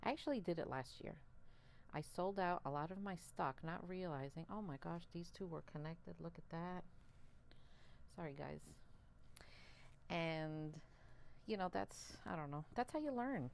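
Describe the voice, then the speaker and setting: A woman vlogging about her worms, chatty and excitable, laughing often, a little out of breath. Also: on the low side, moderate pace, a little hiss or hum. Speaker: worm farmer and channel host. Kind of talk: casual chat to camera while handling worms.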